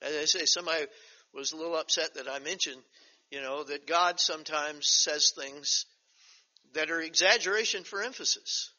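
An older man teaching a Bible study as pastor, reading scripture slowly and emphatically, then breaking into chatty asides. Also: on the high side, bright, forceful tone. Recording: dull lo-fi recording.

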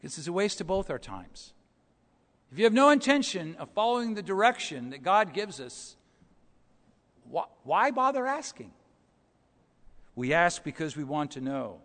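A man preaching a sermon as pastor, telling stories and swinging between soft asides and loud emphasis. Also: on the high side, sing-song, moderate pace, long reverb tail. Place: church.

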